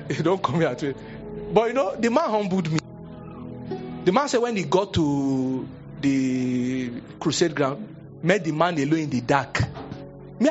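Young Nigerian pastor, sermon, high voice swinging wide, dull lo-fi capture. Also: male voice. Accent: Nigerian, Yoruba-speaking. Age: young adult. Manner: animated storytelling, acting out voices, sudden high exclamations.

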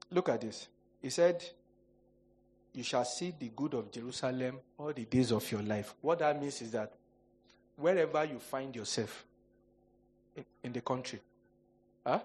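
Here a male pastor preaches with a husky, medium-pitched voice, speaking a little slowly and leaving long pauses. He spins lively, funny stories, jokes, and acts out mock quotes in different voices.

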